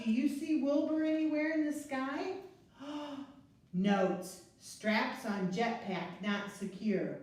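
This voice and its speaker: A woman librarian reading a picture book aloud to children, slow and expressive, with playful asides and gasps. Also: fairly high pitch. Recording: echoey room, mic at a distance.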